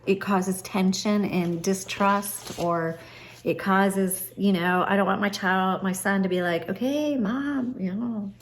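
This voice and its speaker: A woman's voice: medium pitch, level tone, takes it slowly. Earnest middle-aged woman sharing a testimony. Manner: earnest, chatty, many fillers and restarts. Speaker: Christian vlogger. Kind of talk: personal testimony, casual storytelling.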